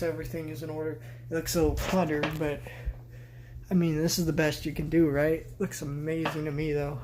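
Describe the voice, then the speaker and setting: A man's voice: a little high, darkish tone, a little hiss or hum. A man vlogging a casual tour of his bedroom on a handheld camera, rambling with sarcastic asides. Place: bedroom, indoors.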